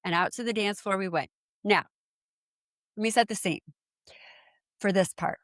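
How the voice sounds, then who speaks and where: A woman in her forties from San Diego tells a personal story in a relaxed podcast chat. Her voice sits in a middle range and sounds close and dry. She acts out quotes with sudden leaps in pitch and talks loosely, with many fillers. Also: moderate pace, no room sound. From San Diego, USA. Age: 40s. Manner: animated, acts out quoted speech with big pitch jumps, lots of fillers. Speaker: podcast guest. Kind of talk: casual storytelling in conversation.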